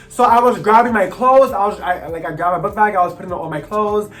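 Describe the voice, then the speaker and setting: Sassy young man with a higher voice. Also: a little fast, faint music behind. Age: about 20. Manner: sassy, expressive, dramatic. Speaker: vlogger. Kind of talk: personal storytelling.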